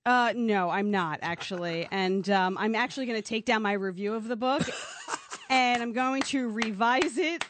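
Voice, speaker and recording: A woman's voice: on the high side, moderate pace, slight background noise. A woman sitting in as a guest on a radio show, bantering with the host in a playful, sarcastic way and laughing often. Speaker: guest author and book reviewer. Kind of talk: casual studio banter. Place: radio studio.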